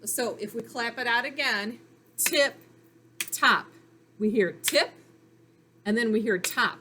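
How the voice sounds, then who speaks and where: A woman teaching young children phonics in a recorded lesson, speaking slowly and clearly in an encouraging way. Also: a little high, noisy background.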